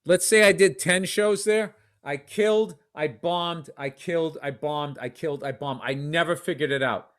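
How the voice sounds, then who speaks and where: A comedian swapping rambling, profane stories in a casual podcast chat. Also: male voice, on the high side, normal speed, few pauses, fairly bright tone.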